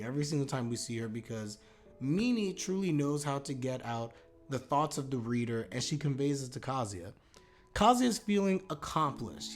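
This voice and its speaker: A man's voice: fairly high pitch, darkish tone. A young man talking casually and animatedly in a video review, rambling with fillers and restarts. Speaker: manga reviewer.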